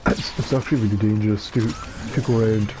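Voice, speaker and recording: Rambling young Scottish man, low dopey voice. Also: fairly even intonation, quick pace. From Scotland. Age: young adult, about 19. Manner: rambling, self-deprecating, stumbling over words. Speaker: gaming streamer. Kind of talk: casual late-night gaming chat. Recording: noisy game audio behind.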